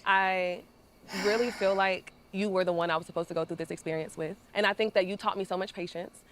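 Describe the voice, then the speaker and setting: A woman's voice: mid-range voice, steady tone, a little fast, background noise. A woman reality show contestant, insistent and recounting events in detail at a reunion. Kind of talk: emotional reunion confrontation.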